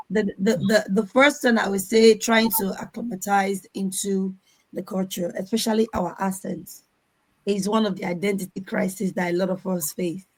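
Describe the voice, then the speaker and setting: A woman answering audience questions on a video call panel, lively and acting out the voices she quotes. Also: medium pitch, normal speed, low-quality recording. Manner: animated, acts out quoted voices.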